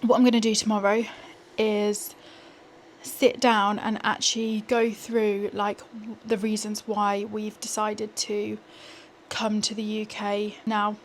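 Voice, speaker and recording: A woman's voice: medium pitch, little pitch movement, slow pace, slight background noise. A young British woman, pregnant, chatting casually to a handheld camera in a vlog with self-deprecating asides. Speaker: vlogger. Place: indoors at home and walking outdoors. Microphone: small handheld gimbal camera.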